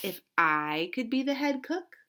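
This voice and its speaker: A fretful little male duck from a storybook, voiced by a woman, with a high, plaintive, wailing tone. The voice is bright and swoops up and down. He sounds eager to be head cook. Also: sing-song, measured pace, full character voice. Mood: wistful.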